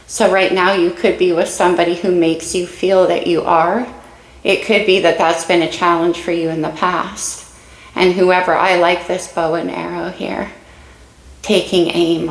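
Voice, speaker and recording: Her pitch sits fairly low and her voice has a creak to it as she does an informal tarot reading, slightly winded. Dreamy and musing, she speaks directly to the people watching. The room echoes, and the recording quality is rough.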